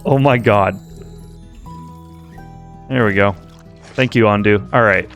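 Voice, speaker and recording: A man's voice: lowish voice, slow pace, a bit bright, soft background music. A young man hosting a casual let's-play, chatting and thinking aloud with amused energy. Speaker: host playing a game.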